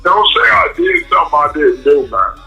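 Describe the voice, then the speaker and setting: Tearful pleading man, bright tense voice. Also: on the high side, wildly swooping pitch, normal speed, creaky, roomy sound, lo-fi sound, faint music behind. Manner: pleading, repeats himself, tearful. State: crying. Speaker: livestream guest. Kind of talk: emotional heated argument.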